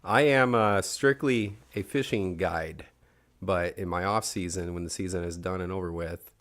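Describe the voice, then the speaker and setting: A man's voice: low-pitched, normal speed, fairly bright tone. A man who works as a fishing guide, chatting as a podcast guest in a laid-back, joking way. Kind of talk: casual chat. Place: studio.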